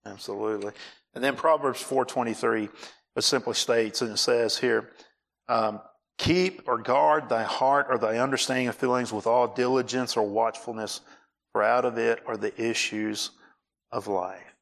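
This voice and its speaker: A male pastor preaching a sermon on marriage, animated, acting out scenes and raising his voice for emphasis. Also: mid-range voice, normal speed, creaky.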